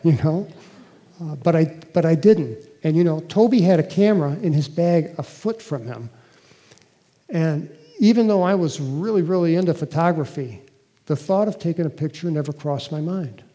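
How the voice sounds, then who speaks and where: Mellow-voiced man telling a personal story. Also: fairly high pitch. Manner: earnest, halting, with many fillers and restarts. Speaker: lecturer recounting a personal experience. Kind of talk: conversational storytelling talk.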